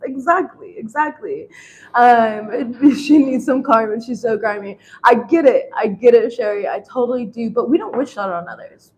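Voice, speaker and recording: A woman's voice: a little high, poor audio. A young adult woman giving a casual tarot reading, blunt and laughing often, swearing freely. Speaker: tarot reader.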